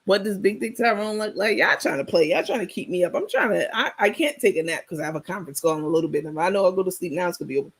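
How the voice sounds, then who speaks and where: A woman chats casually on her livestream in a gravelly, breathy voice. She talks bluntly and sassily, swears freely, and breaks into laughter often. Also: lowish voice, animated, very fast, few pauses. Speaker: livestream host.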